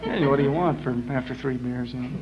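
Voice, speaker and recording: A performer tells jokes onstage at a club, spinning out a long, meandering one in a casual drawl thick with filler words. He has a medium-pitched voice and talks fast, and the muffled 1960s live recording is very noisy.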